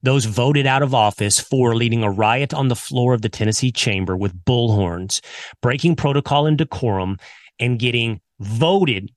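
A man's voice: mid-range voice, moderate pace, dry recording, clean studio sound. A man hosting a podcast, delivering a scripted commentary segment with sarcastic, mocking emphasis. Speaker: podcast host.

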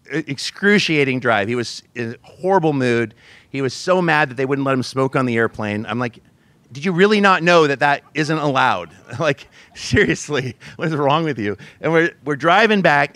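A man's voice: mid-range voice, fairly bright tone, dry recording. A pastor in his forties preaching a sermon, telling a family story with self-mocking laughs and acting out the voices he quotes.

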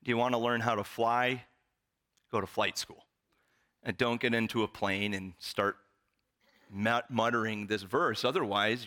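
A man's voice: lowish voice, sharp tone. A male pastor preaching a sermon in church, telling stories with wry humor.

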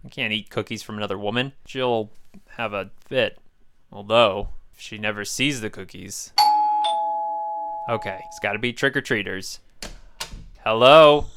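A man's voice: lowish voice, a little slow, long pauses, background noise. A man playing a flustered, stammering sitcom husband. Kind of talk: improvised comedy scene.

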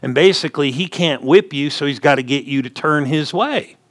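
A man's voice: fairly high pitch, moderate pace, a bit bright. Folksy man preaching a sermon. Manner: folksy storytelling preacher, rising emphatic punches. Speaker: pastor.

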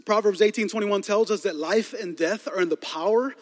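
High-pitched pastor preaching, cracking jokes to the crowd, big echoey hall. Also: male voice, fairly quick. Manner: storytelling with comic asides to the congregation. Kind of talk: sermon. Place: large church hall. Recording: long hall reverb.

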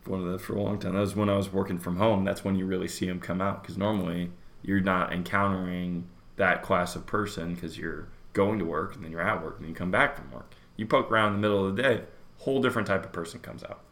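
A man's voice: deep voice, fairly even intonation, quick pace, creaky, a bit bright, echoey room. A man co-hosting a casual podcast chat, telling stories with dry, sardonic humor. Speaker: podcast co-host.

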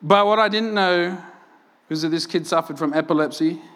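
A young Australian pastor telling a story from the pulpit, animated and joking at his own expense. His voice sits high for a man and comes out bright and forward. He keeps tossing quick checks to the congregation as he talks. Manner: animated, self-mocking, conversational, frequent "right?" and "like". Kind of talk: sermon with personal storytelling.

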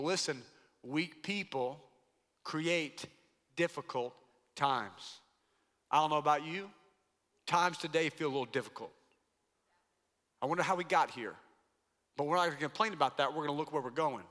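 A male pastor preaching from the stage of a large church, his voice high and bright, ringing with long hall reverb. He delivers the sermon with emphatic, playful energy. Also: expressive, moderate pace, pauses often.

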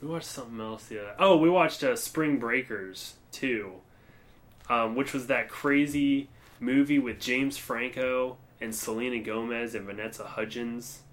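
A man's voice: mid-range voice, measured pace, fairly bright tone. A young man co-hosting a podcast, talking casually and rambling with lots of fillers and frequent laughs. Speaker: podcast co-host. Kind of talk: casual chat.

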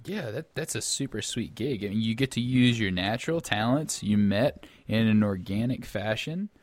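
A man's voice: fairly low pitch, animated, normal speed, no room sound. A man hosting a comedy podcast, interviewing his guest with eager, stammering questions and repeated words.

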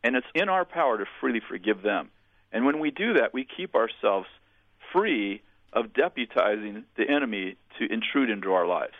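A pastor appearing as a guest on a radio interview shares earnest, plainspoken stories, often restarting his sentences. His fairly low voice has lively intonation and a moderate pace, with no echo, carried over a tinny phone line.

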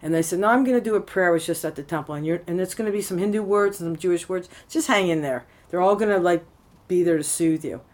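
A woman's voice: lowish voice, quick pace, a little mellow. A woman telling a personal story in casual conversation, rambling and frank, swearing freely, at a temple. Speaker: interviewee.

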